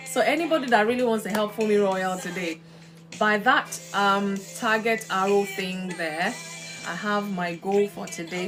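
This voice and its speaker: A woman hosting a live social-media stream, chatting casually and greeting viewers by name. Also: medium pitch. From Nigeria. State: coughing from kitchen fumes.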